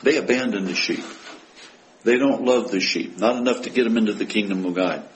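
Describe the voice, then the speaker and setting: A man preaching a sermon to his congregation. He talks with emphasis, asking rhetorical questions and quoting scripture with rising force, then sinking to a hushed voice for heartfelt prayers. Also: fairly low pitch, a little fast, a little hiss or hum, low-quality recording.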